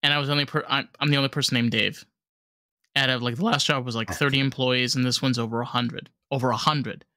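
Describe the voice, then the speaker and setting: A man's voice: mid-range voice, steady tone, quick pace, sharp tone, no echo, clean studio sound. A man from the United States hosting a podcast interview, talking casually, joking and swearing freely. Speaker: podcast host.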